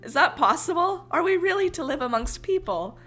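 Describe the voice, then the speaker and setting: A woman's voice: medium pitch, normal speed, sharp tone, faint music behind, natural voice. A woman voicing a naive young man raised alone in the forest, eager and wide-eyed.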